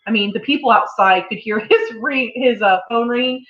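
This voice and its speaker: A woman's voice: on the high side, normal speed. A young adult woman co-hosting a casual farm livestream, laughing often and telling stories animatedly. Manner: giggly, animated storyteller. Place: home room on a farm. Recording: dull, echoey room audio.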